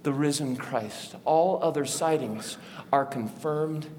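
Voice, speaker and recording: A man preaching a sermon as a pastor, telling the story in a lively way and acting out the voices of the people in it. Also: on the high side, takes it slowly, a little hiss or hum. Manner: animated storytelling, acts out voices of disciples. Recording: long reverb of a large hall.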